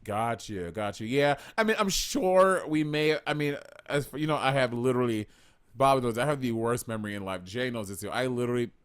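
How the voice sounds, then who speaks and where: A man co-hosting a podcast in casual chat, blunt, profane and excitable. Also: mid-range voice, brisk, smooth. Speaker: podcast co-host.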